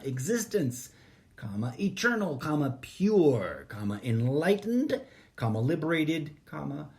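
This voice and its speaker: A man hosting a podcast, reading spiritual quotes slowly and breaking off into casual self-correcting asides. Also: mid-range voice. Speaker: podcast host.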